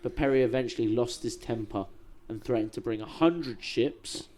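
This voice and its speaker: A man's voice: medium pitch, normal speed, a little mellow, slight background noise. A man co-hosting a podcast, retelling history in a casual, slangy, joking way. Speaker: podcast co-host.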